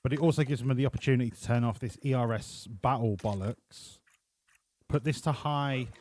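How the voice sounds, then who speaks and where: A man streaming a racing game live. He talks to his chat with excitable, profane banter. His voice sits at an ordinary middle pitch. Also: moderate pace, slight background noise.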